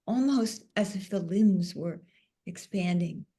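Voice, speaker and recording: A woman on a panel, telling a personal story in a soft-spoken, emotional way. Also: on the low side, slow pace. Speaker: panel speaker.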